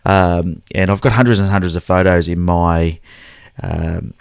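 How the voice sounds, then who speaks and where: A man's voice: low-pitched, fairly even intonation, a little slow, creaky, clear, resonant tone, dry recording, clean studio sound. A man with an Australian accent hosting a casual photography live stream, chatting loosely and greeting viewers by name. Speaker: photography livestream host.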